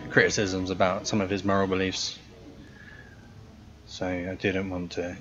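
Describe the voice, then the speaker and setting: A man hosting a let's play, chatting casually and reading the game text aloud in a relaxed, conversational way. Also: deep voice, moderate pace, lo-fi sound, over music.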